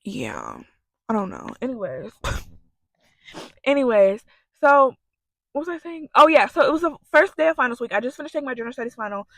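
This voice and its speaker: A woman's voice: a little high, huge pitch swings, moderate pace, gravelly, pauses often, no echo. A young woman telling a storytime vlog in a chatty, profane way, full of fillers. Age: young adult. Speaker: vlogger.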